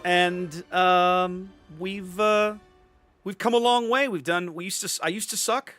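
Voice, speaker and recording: A man's voice: high-pitched, steady tone, a little slow, a bit bright, soft background music. A man streaming a video game, chatting casually with viewers and often repeating words as he thinks. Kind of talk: casual live-stream commentary.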